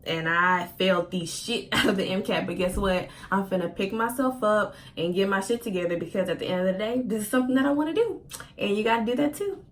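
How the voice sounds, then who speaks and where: A woman in her twenties telling a story on her vlog, casual and profane, acting out her own quoted words, at times close to tears. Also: slight background noise. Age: 20s. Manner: casual, profane, expressive with slang; acts out her own quoted lines with big pitch jumps. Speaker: vlogger.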